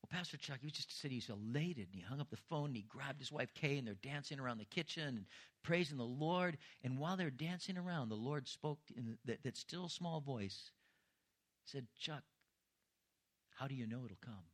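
A man's voice: medium pitch, animated, a little fast. A middle-aged man preaching a sermon as pastor, earnest and rising to emphatic intensity.

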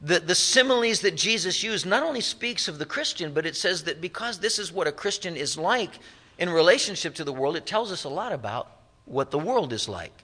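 A man preaching a sermon, with emphatic, slowly stressed phrases. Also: high voice, animated, bright, forceful tone. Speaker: pastor.

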